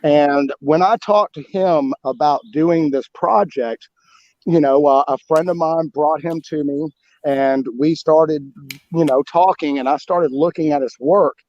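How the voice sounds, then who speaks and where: A man talking about his book as a guest in a casual interview, rambling and animated, with many restarts and fillers. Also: a little high, a little slow, no room sound, lo-fi sound. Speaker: guest author.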